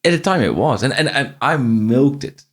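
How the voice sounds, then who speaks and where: A man's voice: mid-range voice, expressive, moderate pace. A middle-aged man, not a native English speaker, with a faint Irish-tinged accent, telling stories as a podcast guest, restarting often and repeating phrases. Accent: faint Irish-tinged non-native English. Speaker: podcast guest, franchise CEO. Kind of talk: casual interview storytelling.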